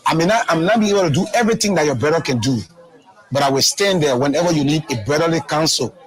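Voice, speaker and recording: A man's voice: a little high, fast, rough recording. A man giving a remorseful, pleading testimony as a former fighter. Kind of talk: emotional testimony.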